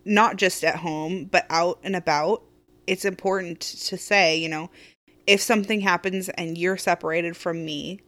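Female podcast co-host, lower voice, dry close sound, earnest and measured. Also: fairly even intonation, a bit bright, no room sound. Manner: earnest, measured, gives practical advice. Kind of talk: casual podcast chat.

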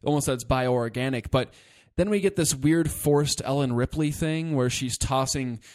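A man in a relaxed podcast chat, ranting about a film with lively, profane energy. He rambles, restarts his sentences and swears often. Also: medium pitch, moderate pace. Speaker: podcast co-host. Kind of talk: casual movie discussion.

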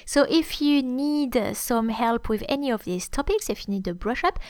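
A woman's voice: a little high, lively intonation, normal speed, dry recording. A woman hosting a podcast language lesson, explaining at length with many hesitant fillers. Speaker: French teacher, podcast host.

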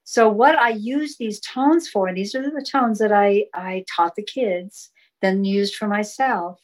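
A woman's voice: medium pitch, unhurried, low-quality recording. Woman explaining voice healing tones. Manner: demonstrates chanted tones while explaining; encouraging, flowing explanations. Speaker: sound healing guest. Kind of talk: casual interview talk.

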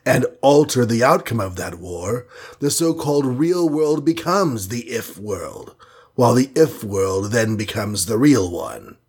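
A man's voice: mid-range voice, animated, measured pace, a little mellow, husky. A man reading a storybook and voicing a scheming alien villain from the future, condescending and bland, sprinkling in foreign words. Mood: lecturing. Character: sneering scheming male alien time-traveler villain.

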